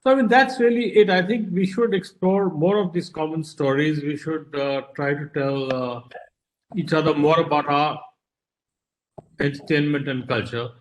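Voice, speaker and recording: A man's voice: on the high side, steady tone, normal speed. A man from India who makes content, giving casual, hesitant panel remarks from his home study. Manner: hesitant, with many fillers. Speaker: content producer.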